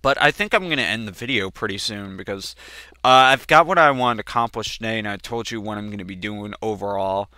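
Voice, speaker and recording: A young man hosting a game video, rambling through a childhood story with casual swearing and sudden loud outbursts. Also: lowish voice, brisk, clean tone, dry recording, clean studio sound. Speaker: gaming channel host. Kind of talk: casual let's play commentary.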